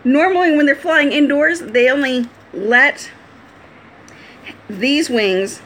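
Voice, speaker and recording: A woman's voice: high voice, slow, a bit bright. A woman talking casually at home, explaining step by step how she handles her pet bird, laughing often. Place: at home indoors.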